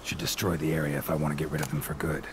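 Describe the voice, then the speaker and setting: A man's voice: rumbling low, flat delivery, very fast, slight background noise. A man voicing a grizzled, world-weary monster hunter in a video game, muttering terse, clipped remarks. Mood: grim. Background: loud game music.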